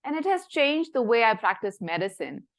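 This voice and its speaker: A woman physician giving an earnest, reflective talk about her practice, speaking in measured phrases that soften almost to a whisper at tender moments. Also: on the high side, very animated.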